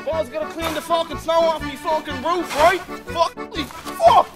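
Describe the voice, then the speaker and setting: A man's voice: extremely high pitch, fairly even intonation, normal speed, loud music behind the voice. A young man with a Newfoundland accent, rambling and swearing through a hungover comedy sketch.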